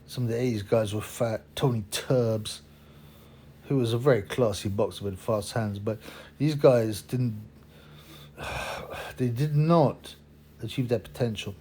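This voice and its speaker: A man's voice: medium pitch, measured pace, pauses often, dark tone, a little hiss or hum. A man, hosting his own boxing channel in a rambling, opinionated casual monologue full of fillers and restarts.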